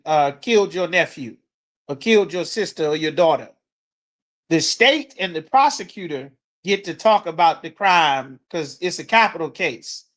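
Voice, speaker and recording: High-voiced, blunt male scripture teacher. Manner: blunt, forceful preaching with coarse language. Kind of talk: street-corner scripture teaching.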